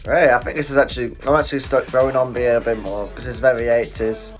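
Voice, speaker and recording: A British man chats through a music reaction with easy excitement, breaking into quick exclamations and chuckles. His voice sits at an ordinary middle pitch. A little music plays faintly behind him. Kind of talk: casual music reaction commentary. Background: faint music playing.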